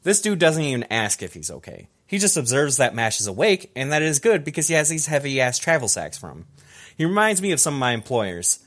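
A young man hosts a casual podcast, reading his jokey recap script and breaking off into asides. His pitch swings around animatedly from line to line. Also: big pitch swings, a little fast, a bit bright. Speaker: podcast host summarizing anime episodes. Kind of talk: casual comedic podcast chat.

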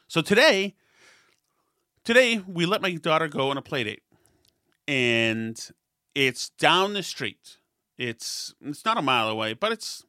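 A middle-aged man hosting a casual monologue, telling stories and getting worked up and loud when he retells arguments. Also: fairly high pitch, lively intonation, moderate pace, dry recording, studio quality. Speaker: podcast host.

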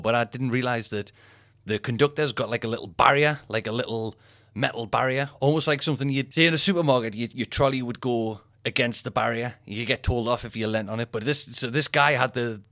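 A male comedian, telling a comic story in an animated, sweary way and laughing at his own tale. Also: mid-range voice, no room sound, clean studio sound. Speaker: comedian podcast host.

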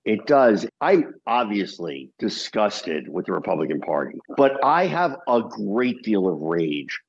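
A man, a TV comedy producer, talking as a guest in a casual interview, telling lively stories, laughing often and swearing casually. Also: fairly low pitch, a little slow, gravelly, husky, muffled recording.

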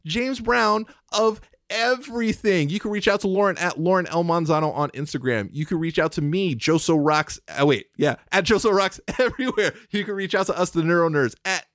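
A man co-hosting a podcast who talks in a heartfelt, emotional way, stumbling and restarting as he goes. His voice sits a bit high for a man, and the recording is dry and close to the mic. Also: a little fast, few pauses, a bit bright, no room sound. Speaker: podcast co-host. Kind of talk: casual chat.

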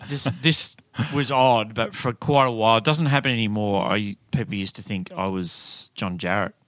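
An Australian man talks in a relaxed green-room chat, a comedian recounting stories and slipping into the voices of the people in them. His voice sits low but sounds bright and forceful. The sound is dry and close. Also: normal speed, no room sound. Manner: storytelling, acts out quoted voices. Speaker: comedian guest.

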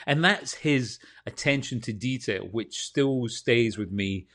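A Scottish man from Scotland with a Scottish accent, a TV presenter telling animated anecdotes in a casual interview. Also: medium pitch, measured pace, few pauses. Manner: animated anecdotes, quotes others. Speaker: TV and radio presenter, guest.

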